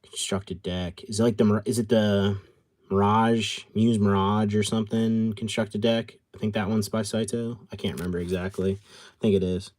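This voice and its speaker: A man with a deep, low voice talks through a casual live stream in a loose, rambling way. He answers viewers' questions as they come and often stops to correct himself or trail off mid-thought. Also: level tone, normal speed, a little mellow. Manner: rambling, answers chat as he sorts. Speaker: card collector streamer.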